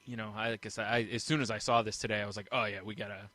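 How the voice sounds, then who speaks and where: Man, bright, forceful tone, rambling host chat on a dry mic. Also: on the low side, level tone, very fast, dry recording. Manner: chatty, rambling, laughs a lot. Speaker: podcast host. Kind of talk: casual banter.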